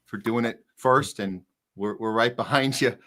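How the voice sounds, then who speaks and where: A man's voice: on the low side, measured pace, fairly bright tone. A man hosting a live talk podcast who thanks his guest and gives blunt commentary. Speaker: podcast host.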